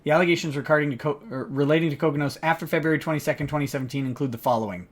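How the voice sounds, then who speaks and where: A man's voice: a little high, steady tone, racing. Sardonic man reading a legal filing. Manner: sardonic, mocking asides between read-out passages; laughs often while reading. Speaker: lawyer live-streamer. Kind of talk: live-stream commentary reading a legal motion aloud.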